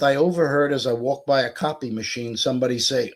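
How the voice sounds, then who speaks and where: An American man in his sixties, a guest telling a career story in a casual, animated way and acting out the dialogue. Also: mid-range voice, fairly quick, hardly any pauses. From United States. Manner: animated, acts out quoted dialogue.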